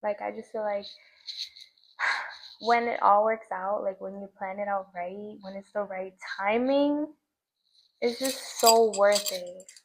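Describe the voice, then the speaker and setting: A young vlogger speaks unhurriedly in a mid-range voice to a camera placed before her, standing outdoors at a scenic spot as the sun sets. Her casual spiritual monologue is reflective and emotional, peppered with "like." The audio is poor, carrying a little hiss or hum.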